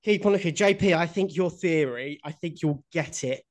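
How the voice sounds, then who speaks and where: A man's voice: fairly high pitch, normal speed. A man co-hosting a podcast in casual chat, blunt, swearing freely and laughing often. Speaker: podcast co-host.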